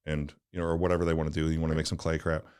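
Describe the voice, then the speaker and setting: Guy with a really low voice rambling through his stories, lots of like and right, earnest and casual. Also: monotone, rapid-fire, a little mellow, smooth. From St. Louis area, USA. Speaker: podcast guest, donut shop owner. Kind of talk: casual interview storytelling.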